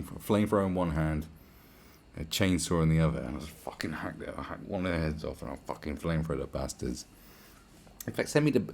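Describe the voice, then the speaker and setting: Gravelly-voiced swearing man ranting. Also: extremely low pitch, darkish tone. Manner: crude, sarcastic, swears constantly, mocking put-on voices. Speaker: podcast host. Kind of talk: ranting monologue.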